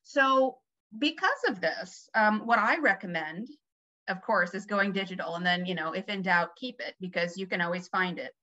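A woman's voice: mid-range voice, normal speed, sharp tone, highs cut off. A woman presenting a small business seminar over a video call, talking in a conversational way with many fillers. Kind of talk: webinar lecture.

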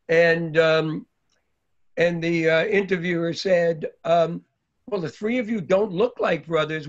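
An older man from New York telling a long, rambling story about his early days, with many fillers along the way. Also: a little high. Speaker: guest speaker. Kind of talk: anecdotal storytelling. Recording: dull lo-fi recording.

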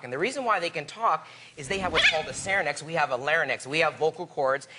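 A man, an exotic bird expert appearing as a talk-show guest, talking in an excited, playful way and often calling out loudly to his birds and the crew. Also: fairly high pitch. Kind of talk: lively talk-show demonstration. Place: TV studio with live audience. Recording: TV studio with loud audience and background noise.

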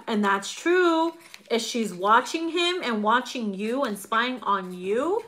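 A middle-aged woman giving a casual tarot reading to viewers, animated and profane, laughing often and acting out quotes. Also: fairly high pitch, slow pace. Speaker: tarot reader.

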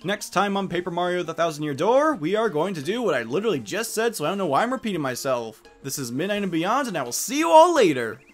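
A lively, joking let's play host. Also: male voice, high voice, quick pace, few pauses, soft background music. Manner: casual, joking, reads game text aloud. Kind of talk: gameplay commentary.

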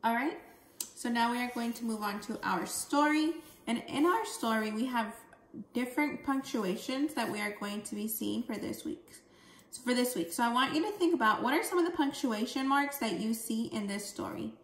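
A woman teaching a second grade phonics lesson, speaking slowly and clearly as she models reading aloud. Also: fairly high pitch, echoey room. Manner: slow, clear, deliberate reading with expressive dialogue voices.

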